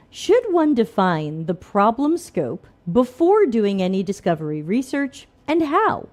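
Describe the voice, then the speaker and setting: A woman's voice: medium pitch, darkish tone. A middle-aged woman hosting a casual live Q&A stream, chatty and self-deprecating, laughing often. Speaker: livestream host. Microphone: desk microphone.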